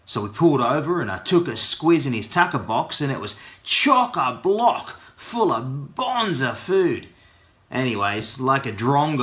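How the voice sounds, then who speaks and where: A man's voice: medium pitch, bright, forceful tone. A man with an Australian accent, casually telling a playful story crammed with Aussie slang. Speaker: vlogger.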